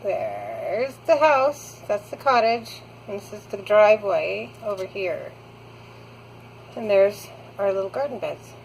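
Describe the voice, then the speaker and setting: A woman's voice: medium pitch, sing-song, slow, creaky, a little hiss or hum, rough recording. A woman chatting casually as she vlogs her garden work, thinking aloud with fillers, recorded outdoors. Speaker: vlogger. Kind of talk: casual garden vlog narration.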